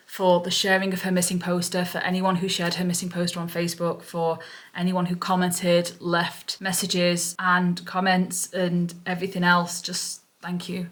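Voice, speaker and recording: A lower-voiced woman vlogger speaks with raw relief. She gushes and circles back to the same words again and again. She sounds emotional throughout. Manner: gushing, repeats herself over and over. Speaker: parrot-keeping vlogger. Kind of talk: emotional vlog retelling.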